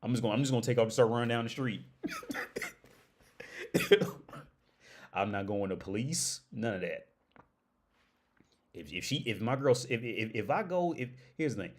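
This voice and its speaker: A young man hosting a casual livestream, swearing freely and breaking into loud laughs. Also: mid-range voice, expressive, moderate pace, long pauses. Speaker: livestream host.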